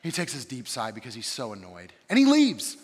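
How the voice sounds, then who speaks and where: A man in his thirties, a campus pastor, preaching a humorous sermon and telling stories about himself in an animated, self-deprecating way. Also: mid-range voice, brisk, breathy edge, big-room sound. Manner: animated, self-deprecating storyteller with shifting energy.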